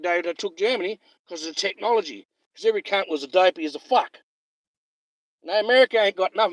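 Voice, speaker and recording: Heated, foul-mouthed high-voiced man. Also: dry recording. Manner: profane, heated, repetitive. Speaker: livestreamer. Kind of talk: ranting livestream monologue.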